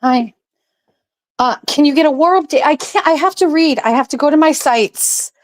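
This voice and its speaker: A woman chats casually on a live stream from her kitchen table, excitable and swearing, often gasping and laughing. Her voice is high-pitched and her pace moderate.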